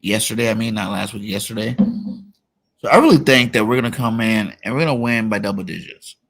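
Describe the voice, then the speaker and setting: A man hosting a casual sports talk show, relaxed and full of "you know" fillers. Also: fairly low pitch, brisk. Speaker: podcast host.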